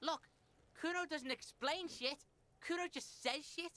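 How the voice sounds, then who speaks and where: A woman's voice: high-pitched, measured pace, sharp tone, pitched above the performer's own voice. A woman voicing a crude, swaggering young boy who taunts and talks about himself in the third person. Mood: taunting.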